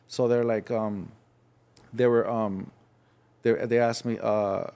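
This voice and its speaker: Young adult man from Los Angeles, podcast guest, frank halting storyteller. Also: on the low side, steady tone, gravelly, mellow, smooth. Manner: frank, halting, acts out voices in his story. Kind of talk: casual storytelling.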